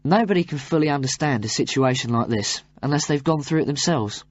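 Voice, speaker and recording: A man reading a first-person passage aloud for a textbook audio track, in an expressive, rising and falling manner. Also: on the high side, brisk, no echo, lo-fi sound.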